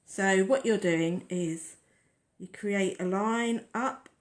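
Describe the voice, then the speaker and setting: A woman's voice: mid-range voice, slow. A woman hosting a casual nail-art tutorial, chatting and rambling as she works on the nails. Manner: chatty, rambling, talks while working.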